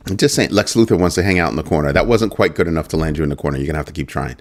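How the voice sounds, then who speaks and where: A man's voice: extremely low pitch, racing, few pauses. A man hosting a crypto news livestream in a casual commentary style. He banters jokingly with viewers in the chat and keeps repeating the catchphrase "just saying.".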